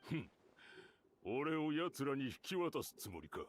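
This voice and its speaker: Actor as a sneering mercenary, fast-talking. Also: male voice, mid-range voice, big pitch swings, slight background noise, close to an everyday voice. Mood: scornful. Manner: blunt, sneering, lecturing. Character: scheming mercenary man, cynical and greedy. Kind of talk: video game voice acting.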